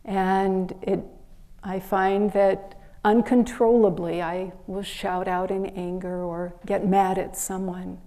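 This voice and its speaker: Woman doing a calm, hushed male hermit. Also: medium pitch. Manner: quiet and measured, then roaring. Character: male spiritual seeker, calm hermit returning from solitude.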